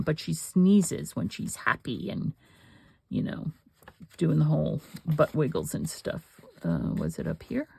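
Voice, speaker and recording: A woman's voice: low voice, vocal fry, slightly rough. A woman hosting a crafting video, chatting and thinking aloud with rambling asides while she works. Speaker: crafting channel host.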